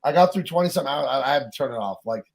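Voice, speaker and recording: A man's voice: medium pitch, lively intonation, very fast. Earnest rambling man. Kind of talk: casual chat.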